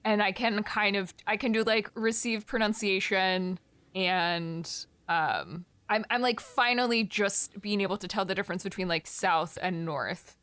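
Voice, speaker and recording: A woman's voice: mid-range voice, a little slow, fairly bright tone, smooth, no echo. A woman in a casual podcast chat who asks lots of questions and pokes fun at herself. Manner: curious, asks questions, self-deprecating. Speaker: podcast co-host.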